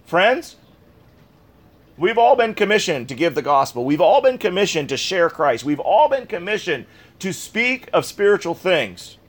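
A man's voice: sits high, sing-song, normal speed. A man pastor delivering a sermon in an earnest, conversational way, repeating key phrases for emphasis.

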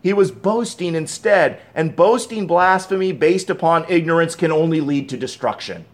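A man's voice: fairly high pitch, normal speed. A man preaching a sermon, emphatic and repeating key phrases, with conversational asides between scripture readings. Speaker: pastor.

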